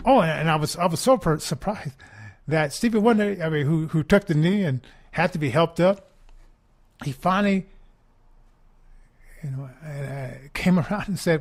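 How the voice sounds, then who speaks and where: This political talk radio host's voice is on the high side, at a normal speed with frequent pauses. His commentary monologue rambles, with repeated words and constant "right?" questions, and he uses mocking put-on voices for quotes.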